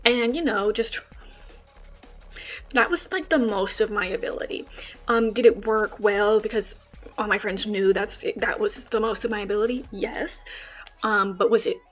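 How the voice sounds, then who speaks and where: A young woman streamer telling a casual story, animated and swearing freely. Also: mid-range voice, normal speed, soft background music.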